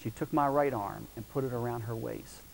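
A middle-aged man preaches in a folksy, animated way, rising to loud points and dropping to near-whispered storytelling. His voice sits at an ordinary pitch for a man. It rings with long reverb in a big hall, over a faint hiss. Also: brisk, vocal fry. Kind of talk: sermon with storytelling.

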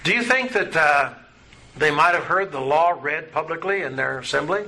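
A man's voice: fairly high pitch, lively intonation, normal speed, a crowd in the background. A man teaching a Bible study class, asking his students questions in a patient, folksy way. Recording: noisy room recording.

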